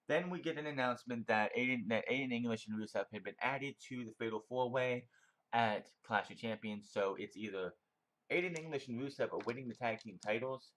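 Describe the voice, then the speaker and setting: A man's voice: fairly low pitch, a bit bright. A man giving a casual, opinionated solo review, rambling with frequent restarts. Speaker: wrestling show reviewer.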